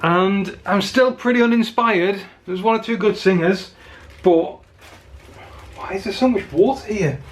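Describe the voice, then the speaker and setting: A man's voice: high voice, a little slow. A tired man from England chatting casually to the camera at home in a daily vlog, wry and self-teasing. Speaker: vlogger.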